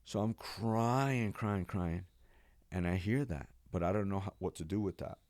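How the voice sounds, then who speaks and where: A man in his forties, a pastor from New York, telling his life story as a podcast guest in an animated, casual way with slang. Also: low voice, a little slow, no echo. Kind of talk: personal testimony in a podcast interview.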